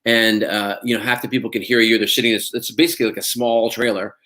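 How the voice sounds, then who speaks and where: A male actor being interviewed, telling stories in a relaxed way, acting out quoted dialogue with plenty of fillers. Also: on the low side, fast talker. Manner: anecdotal, acts out quoted dialogue, many fillers. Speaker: actor guest. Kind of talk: casual interview storytelling.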